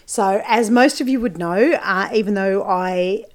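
Casting note: woman, solo podcast host, casual and chatty, mid-pitched, loose and unscripted. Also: measured pace. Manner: chatty, informal, many fillers.

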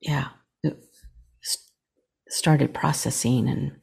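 A middle-aged woman guest speaks with a low, mellow voice that has a gravelly edge. She tells a personal story haltingly, full of fillers and restarts, and voices the dialogue as she recalls it. Her tone is husky rather than crisp. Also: fairly even intonation. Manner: halting retelling, many fillers and restarts, acts out quoted dialogue. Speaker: podcast guest, chaplain.

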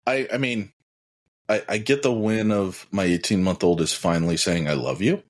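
A man's voice: lowish voice, moderate pace. A man in his thirties joining a podcast chat, teasing the others in a playful way. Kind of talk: casual chat.

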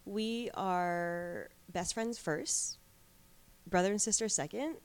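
A woman's voice: mid-range voice, slow pace, smooth. A woman in her thirties in a casual chat as a guest, telling stories with lots of likes and you-knows. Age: 30s. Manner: chatty storyteller, many likes and you-knows.

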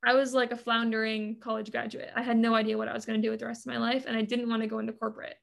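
A woman's voice: fairly high pitch, little pitch movement, very fast, creaky. A woman guest on a podcast, telling her story in earnest, chatty talk with many fillers. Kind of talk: casual interview talk.

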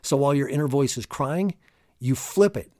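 A man hosting a solo motivational podcast, talking in an energetic, emphatic, casual coaching tone. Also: mid-range voice, normal speed, dry recording, studio quality. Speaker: podcast host.

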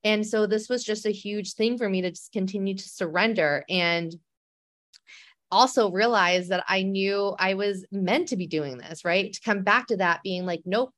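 A woman's voice: medium pitch, normal speed, fairly bright tone, no echo, clean studio sound. A young adult woman, a coach and podcast host, telling a personal story in a candid, rambling way with many fillers.

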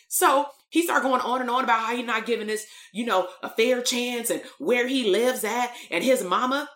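A woman's voice: fairly high pitch, moderate pace, hardly any pauses, fairly bright tone. A woman coaching therapists in a live-streamed talk, telling stories in a blunt, streetwise way full of slang.

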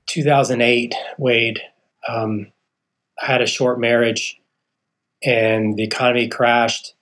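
Guy in his 30s telling his life story, earnest, keeps saying "man", mid-pitched voice. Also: little pitch movement, slow, a bit bright. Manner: earnest storyteller, acts out quoted people, calls the host "man". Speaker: guest, real estate founder. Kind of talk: emotional personal testimony.

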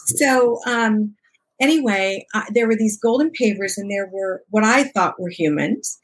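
In a mid-range, slightly rough voice and a somewhat slow pace, a woman in her sixties shares a personal story during an interview. She acts out dialogue, laughs often, and keeps it expressive and conversational.

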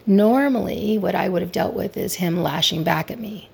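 A woman's voice: mid-range voice, normal speed, gravelly, husky. A middle-aged woman talking candidly and reflectively about her marriage as a coach sharing advice, often poking fun at herself. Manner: candid, reflective, self-deprecating. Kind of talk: personal advice talk.

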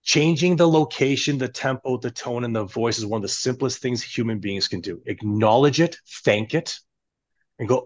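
A man on a podcast, guiding his hosts through a self-talk exercise in an animated, instructive way. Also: mid-range voice, moderate pace. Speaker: coach guest on podcast. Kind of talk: conversational coaching demonstration.

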